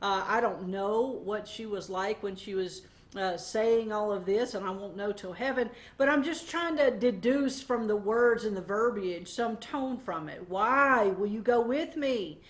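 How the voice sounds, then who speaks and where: A woman teaching a weekly Bible devotion in a conversational, animated way, often pausing on fillers. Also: mid-range voice.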